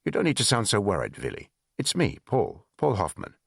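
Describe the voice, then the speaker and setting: A man's voice: lowish voice, wildly swooping pitch, fairly quick, vocal fry, a bit bright, slightly rough, dry recording, studio quality, full character voice. A man voicing a confident male German police officer who speaks politely and deferentially.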